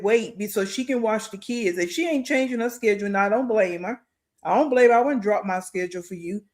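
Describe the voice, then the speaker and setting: Blunt, incredulous woman commentator. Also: on the high side. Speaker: commentary host. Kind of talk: reaction commentary.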